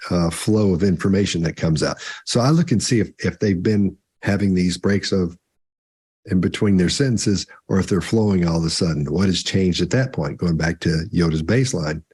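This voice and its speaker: Husky man who pauses as he thinks. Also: deep voice, darkish tone. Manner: slow and deliberate, with long pauses mid-sentence. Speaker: co-host. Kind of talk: live Q&A talk.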